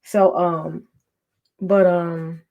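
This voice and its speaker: A woman hosting a casual livestream from home, talking softly with many ums and restarts. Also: on the low side, level tone, very slow, narrow, tinny audio. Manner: soft, half-whispered talk with many ums and restarts. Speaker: livestream host.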